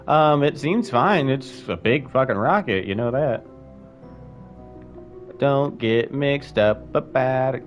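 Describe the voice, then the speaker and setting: A man's voice: medium pitch, lo-fi sound. A man casually commenting while he plays a game on a live stream, rambling and playful, with asides to his chat. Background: faint music.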